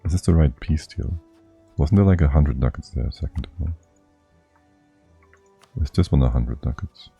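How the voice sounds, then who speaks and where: A man live-streaming a strategy game, talking his moves through half to himself. His voice sits very low and dark, with a husky edge to it. He mutters and chuckles between thoughts. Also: moderate pace, pauses often, lo-fi sound, soft background music.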